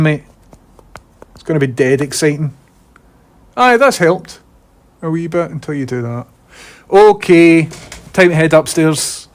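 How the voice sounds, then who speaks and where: A talkative, excitable Scot chats with live stream viewers from home, using a phone strapped to his head. His voice sits in the mid range.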